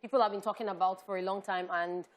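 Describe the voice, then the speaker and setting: A woman's voice: medium pitch, fairly even intonation, fast talker. A Nigerian woman co-hosting a TV chat show, enthusiastic about celebrities. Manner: enthusiastic, gushing about stars. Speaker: co-host. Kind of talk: casual TV chat show banter. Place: TV studio.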